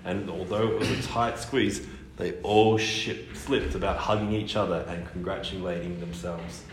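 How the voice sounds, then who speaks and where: A man reading a children's book aloud in a lively storytelling manner. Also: low-pitched, normal speed. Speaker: reader. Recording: echoey room, faint noise.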